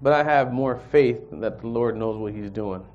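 A man giving a personal testimony and reading scripture at a church group, an animated storyteller who acts out the dialogue with chuckles. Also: medium pitch, moderate pace, lo-fi sound.

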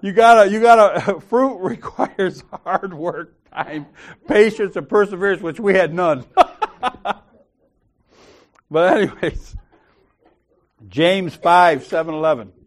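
A man's voice: sits high, takes it slowly, pauses often. A man leading a church group, talking casually and telling a story in a laughing, slangy way. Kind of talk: casual storytelling and Bible discussion.

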